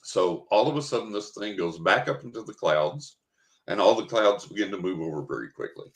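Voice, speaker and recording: Brief: older man from West Texas, very low voice, dramatic interview storyteller, echoey room. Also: lively intonation, brisk. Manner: vivid, dramatic storyteller who acts out his own thoughts. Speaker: guest. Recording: roomy, echoey recording.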